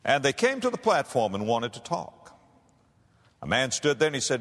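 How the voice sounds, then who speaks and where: A male preacher giving a dramatic sermon, swinging between soaring and hushed phrases and drawing out key words slowly. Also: medium pitch, huge pitch swings. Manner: slow, drawn-out emphasis on key words. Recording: long reverb of a large hall.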